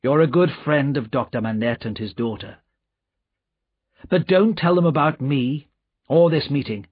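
A man voicing a calm, resolute, smooth-spoken gentleman in a storybook reading. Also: mid-range voice, no room sound, highs cut off. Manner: calm, measured, slow.

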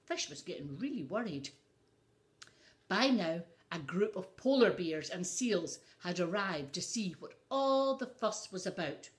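A woman's voice: fairly low pitch, very animated, measured pace. A woman reading a picture book aloud to children, adding asides for young listeners. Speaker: storyteller.

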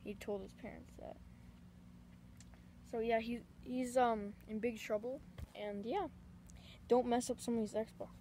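A teenage girl filming a casual home video, excited and laughing as she bosses the others around. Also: a little high, measured pace, pauses often. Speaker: vlogger filming. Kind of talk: casual chat. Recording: noisy home phone recording.

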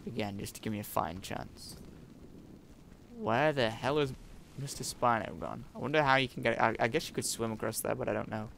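A man's voice: medium pitch, fairly quick, gravelly, fairly bright tone, slight background noise. A young man giving jumpy, jokey let's-play commentary, often swearing as he plays. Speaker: gaming YouTuber.

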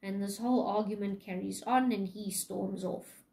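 A woman's voice: mid-range voice, fairly even intonation, moderate pace, gravelly, mellow, poor audio. A woman English teacher casually retelling a play in a lesson, chatty, with many fillers.

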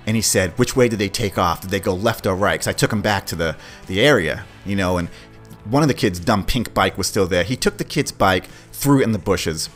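Animated man telling a story. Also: low-pitched, a little fast. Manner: animated, swears, acts out quoted voices. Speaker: podcast host. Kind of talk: casual storytelling. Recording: faint music behind.

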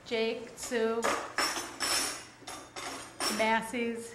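A woman chatting excitedly and teasingly with friends at a home gathering, laughing often. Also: on the high side, extremely slow. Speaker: birthday celebrant. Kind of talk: casual home-video chat. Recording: echoey room with background noise on home video.

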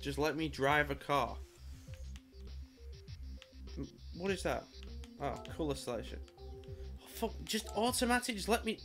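A man's voice: fairly high pitch, fairly bright tone. A British man giving let's-play commentary on a video game, muttering with exasperated, sarcastic remarks and the odd swear word. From Britain. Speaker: gamer and video creator.

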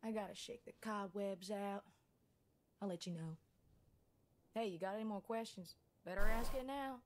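A woman's voice: mid-range voice, moderate pace, a little hiss or hum, close to an everyday voice. An actress playing a brash, boastful young woman gunsmith who teases others sassily. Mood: cocky. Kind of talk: game cutscene acting. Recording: game music playing behind.

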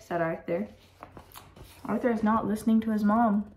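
For a storytime with young listeners, a teenage girl reads a picture book, doing character voices and adding chatty remarks along the way. She speaks at a moderate pace with a medium-pitched voice, and the recording is low quality.

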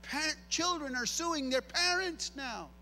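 A middle-aged pastor preaches with a very high, bright voice, moving freely between two languages. He drives his points home with repetition and lively emphasis, over a faint steady hum. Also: slow pace. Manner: animated, repeats himself for emphasis. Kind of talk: bilingual sermon.

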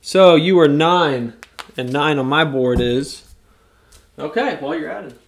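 Excitable man hosting a card break. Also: fairly high pitch, unhurried, vocal fry. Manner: excitable, whoops at big hits; reads player names off cards. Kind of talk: live card break commentary.

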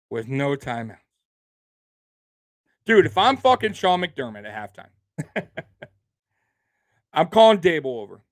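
A man ranting about his team with a high, lively voice that swings widely in pitch. His delivery is heated and profane, breaking into disbelieving laughter. The sound is dry and close, with no room echo. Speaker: sports podcast host. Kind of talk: casual ranting commentary.

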